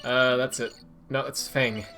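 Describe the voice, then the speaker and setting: A man's voice: medium pitch, level tone, unhurried, pushed and bright, faint music behind. Rambling young man streaming a game. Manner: rambling, filler-heavy, self-correcting. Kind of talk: casual gameplay commentary.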